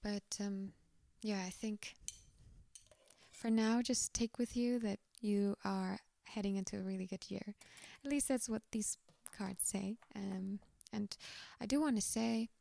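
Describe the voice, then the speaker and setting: Often slipping into a whisper, a woman offers a soothing pick-a-card tarot reading in a slightly tired voice. She's mid-range and gravelly, with a steady tone and unhurried pace, and there's no echo.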